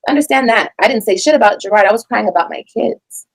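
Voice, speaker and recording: A woman's voice: a little high, quick pace, husky, rough recording. A woman reacting to a recording, blunt, profane and emphatic in her commentary. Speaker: reaction streamer.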